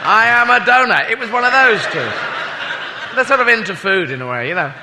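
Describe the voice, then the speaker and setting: A man's voice: sits high, very animated, brisk, in a large hall, heavy background noise. A man doing rambling stand-up storytelling, self-interrupting and mock-pompous. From Britain. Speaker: stand-up comedian.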